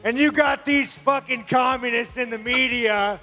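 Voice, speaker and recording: A man speaking brashly and profanely at a press conference, often shouting. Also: extremely high pitch, fairly even intonation, measured pace, faint music behind.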